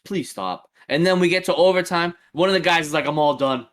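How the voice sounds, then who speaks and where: A podcast co-host with a high-pitched, brisk voice tells stories animatedly during a casual chat, swearing freely throughout.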